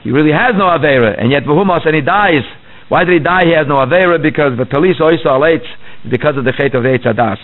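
A man's voice: on the high side, quick pace. Man teaching over a tinny phone line. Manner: explaining earnestly, weaving many Hebrew terms into English. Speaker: Torah teacher. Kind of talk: religious study lecture.

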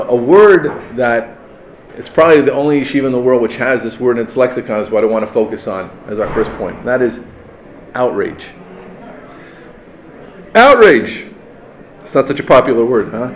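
A man giving an impassioned yeshiva talk, full of rhetorical questions and Hebrew and Yiddish terms, building from calm explanation to near shouting. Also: on the high side, reverberant. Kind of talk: sermon.

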